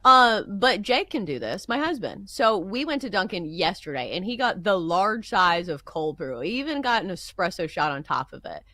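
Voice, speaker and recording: A woman co-hosting a morning sports show, telling stories in a playful, animated way. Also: mid-range voice, normal speed, few pauses, no echo. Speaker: show co-host. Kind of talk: casual morning sports talk.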